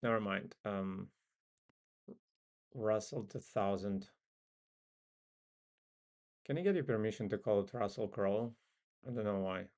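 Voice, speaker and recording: A man's voice: fairly low pitch, measured pace, pauses often, darkish tone. A man with a non-native English accent hosts a casual live trading stream. He muses and thinks aloud with frequent ums. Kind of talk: casual live market commentary.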